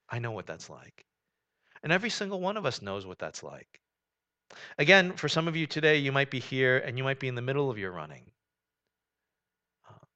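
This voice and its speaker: A man preaching a sermon in a conversational way, often saying "you know", swinging between loud, emphatic stretches and quiet, low ones. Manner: conversational preaching, rising and falling in volume, frequent "you know". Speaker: pastor.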